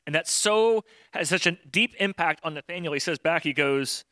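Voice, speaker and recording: A male pastor gives a casual, chatty sermon, slipping into modern voices to act out the scripture. His voice sits a touch high with a bright, forward edge. The sound is close and dry. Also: moderate pace, dry recording. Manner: conversational, acts out Bible dialogue in modern voices.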